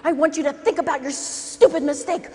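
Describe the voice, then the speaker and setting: A woman playing an impatient, tall, thin male nursing instructor who hisses and yells at a student. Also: extremely high pitch, fairly even intonation, fairly quick. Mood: hissing angry. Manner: hissing whisper turning to furious yelling. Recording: echoey hall with faint noise.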